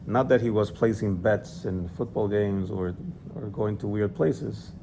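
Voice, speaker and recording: A man's voice: on the low side, a little slow, creaky, warm tone, slight background noise. A man teaching a class conversationally, explaining and telling a story, checking in with listeners. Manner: conversational, asks class for agreement. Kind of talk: lecture with storytelling.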